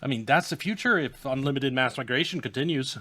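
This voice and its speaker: A man delivering pointed political commentary at an average pitch. He speaks in a measured way and pauses often on filler sounds as he builds his argument. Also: bright, forceful tone. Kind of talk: opinionated commentary.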